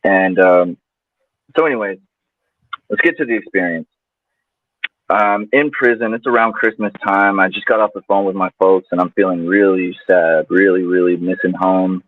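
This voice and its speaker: A man's voice: low voice, steady tone, normal speed, dry recording. A man guest telling a personal story in a loose, casual way, full of fillers. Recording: tinny phone-like line, dry.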